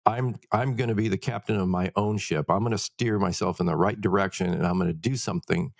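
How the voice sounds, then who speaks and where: A man's voice: on the low side, quick pace, creaky, dry recording, studio quality. A middle-aged man co-hosting a podcast, talking earnestly and emphatically in casual conversation. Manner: earnest, emphatic, uses sports and sailing examples. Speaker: podcast co-host. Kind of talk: casual chat.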